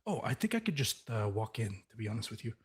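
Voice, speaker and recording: A man's voice: on the low side, big pitch swings, fast, slightly rough. A man taking part as a player in a tabletop role-playing game, chatty and jokey. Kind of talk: casual tabletop role-play.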